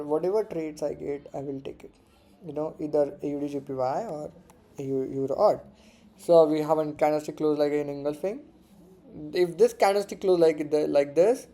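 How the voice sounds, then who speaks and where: A man's voice: fairly high pitch, warm tone. A man giving casual live commentary while trading forex, muttering and repeating words to himself and swearing freely. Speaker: forex trader streaming live.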